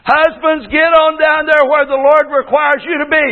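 A man in his sixties, a pastor preaching a folksy sermon with shouted bursts and homely stories. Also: very high voice, level tone, normal speed. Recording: tinny phone-like sound in a long-echo hall.

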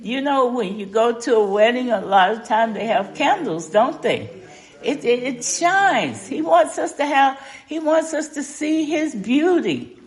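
Older woman, Bible study leader, folksy, slow-paced, lively pitch, chatty questions to the group. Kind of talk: informal Bible study teaching.

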